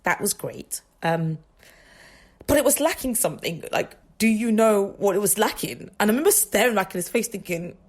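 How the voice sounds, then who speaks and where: A woman's voice: medium pitch, animated, normal speed, darkish tone. A woman hosting a faith radio show, telling personal stories in a chatty, rambling way with frequent laughs and restarts. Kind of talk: casual faith talk monologue.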